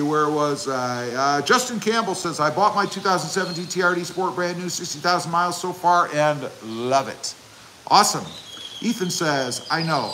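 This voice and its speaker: A man hosts a relaxed livestream, answering viewer comments one by one with a chatty, joking manner and the odd playful bout of self-promotion. His voice sits a little high and rings bright and forceful. A faint hiss of background noise sits under the recording. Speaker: channel host reading live chat. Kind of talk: casual livestream chat.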